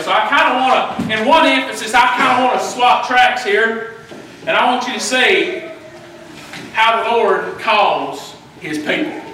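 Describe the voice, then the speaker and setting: A middle-aged man, preaching a fervent sermon that climbs into shouting, often repeating words as he restarts. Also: very high-pitched, measured pace. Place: church. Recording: echoey room from a distance, faint noise.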